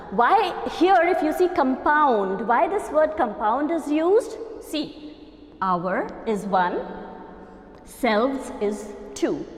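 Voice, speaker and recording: A woman with an Indian English accent teaching a grammar lecture, explaining step by step and often checking with "okay?" and "right?". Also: a little high. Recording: echoey, reverberant room.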